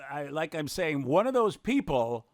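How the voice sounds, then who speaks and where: Lively man telling radio stories. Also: moderate pace, dry recording, studio quality. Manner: animated, acts out quotes with big pitch swings, laughs often. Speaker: radio broadcaster guest. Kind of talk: casual storytelling on a podcast.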